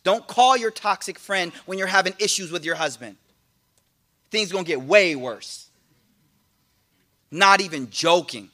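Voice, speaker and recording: Guy giving a casual pep talk to a crowd, high bright voice, jokey, acts out stories. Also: unhurried, pauses often. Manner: animated storytelling with jokes and quoted voices. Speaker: speaker giving a talk to an audience.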